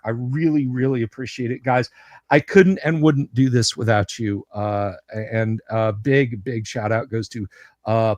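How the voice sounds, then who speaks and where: A man running a tabletop game as game master on a livestream, talking in a relaxed, rambling way full of ums and uhs. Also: mid-range voice, no echo.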